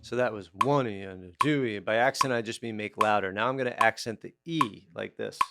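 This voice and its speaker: A man's voice: on the low side, fairly quick, gravelly. A man giving a casual guitar lesson, explaining rhythm and counting beats aloud while he plays. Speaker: guitar teacher. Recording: loud guitar playing under the voice.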